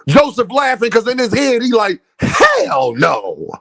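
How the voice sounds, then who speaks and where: A man's voice: extremely high pitch, brisk, fairly bright tone, no echo, clean studio sound. A man hosting a boxing livestream, ranting at his viewers in a brash, profane, mocking way. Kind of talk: heated livestream rant at viewers.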